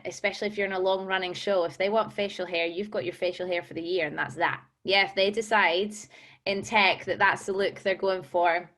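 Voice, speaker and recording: A woman's voice: fairly low pitch, a bit bright. A young woman with a Glaswegian Scottish accent, chatting candidly about auditions in a casual panel discussion. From Scotland. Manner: candid, chatty, frequent fillers. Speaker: performer sharing audition advice.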